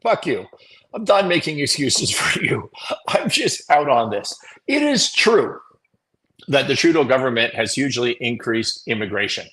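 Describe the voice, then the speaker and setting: A man hosts a live morning show in a mid-pitched voice. He talks bluntly and with energy, mixing swearing and self-mocking humor into his opinions. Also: normal speed, poor audio. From Canada. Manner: animated, blunt, swears, laughs at himself.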